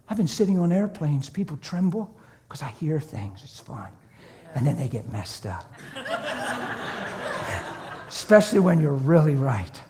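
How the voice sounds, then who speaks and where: A man preaching a sermon, telling stories and acting out conversations, swinging between hushed and loud. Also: on the high side, very animated, a little slow, long pauses. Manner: acts out dialogue in different voices. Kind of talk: sermon with storytelling.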